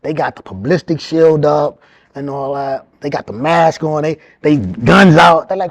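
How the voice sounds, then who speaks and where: A man around forty, telling his own life story in an animated, streetwise way, often repeating words as he goes. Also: a little high, moderate pace, no echo. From New York. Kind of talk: casual storytelling.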